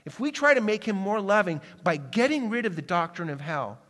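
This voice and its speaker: Guy preaching a sermon, kinda high voice, big echoey hall, goes fast then drops real quiet and slow. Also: sing-song. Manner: swings from quick and urgent to slow and hushed. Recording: long hall reverb.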